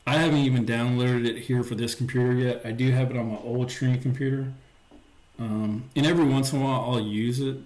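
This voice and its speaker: A man's voice: medium pitch, fairly even intonation, a little fast, darkish tone. Casual rambling male streamer, roomy sound. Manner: rambling, lots of "like" and "um". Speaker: livestream host. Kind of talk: casual livestream chat. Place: home stream setup. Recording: roomy echo.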